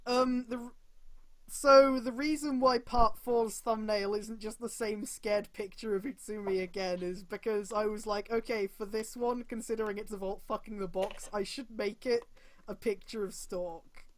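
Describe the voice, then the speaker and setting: A woman's voice: medium pitch, moderate pace. A woman hosting a casual group stream, telling stories and swearing freely. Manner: swears casually, animated storytelling. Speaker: stream host.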